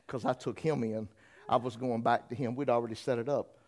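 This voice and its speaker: Man preaching, hushed to shouting. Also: mid-range voice. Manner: swings from quiet storytelling to shouted preaching; addresses the congregation directly. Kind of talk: sermon with personal testimony.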